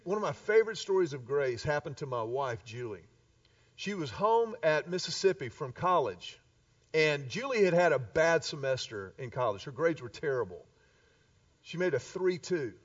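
A man preaching a sermon, an animated storyteller who acts out the voices of the people in his stories. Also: fairly high pitch, moderate pace, no echo. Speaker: pastor. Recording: distant dull live recording.

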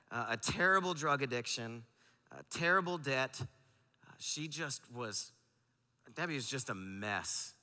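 A man's voice: mid-range voice, sharp tone. A man pastor telling a personal story in a sermon, earnest and peppered with fillers. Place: large church auditorium. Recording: long hall reverb.

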